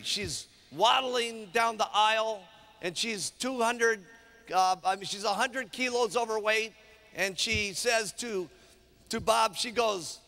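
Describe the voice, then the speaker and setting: Energetic man speaking at a rally, high gravelly voice, long hall reverb. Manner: energetic, punchy, keeps asking "okay?". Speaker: motivational speaker. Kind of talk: motivational seminar talk.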